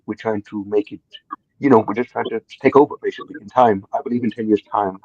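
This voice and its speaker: A man's voice: fairly low pitch, fairly even intonation, fast talker, a little mellow, dry recording. A man playing a cocky migrant caller who taunts the hosts and keeps calling them brother. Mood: taunting. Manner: provocative, taunting, calls others brother. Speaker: prank caller posing as a migrant. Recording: dull lo-fi dry call audio.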